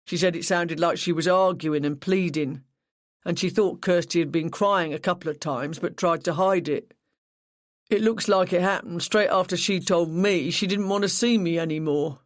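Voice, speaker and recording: Narrator doing a sulky young man, clipped and flat, grief under the surface, dry close read. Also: high-pitched, normal speed, no room sound, lightly acted. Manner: flat, curt, mumbling replies. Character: grieving sullen young male cyclist.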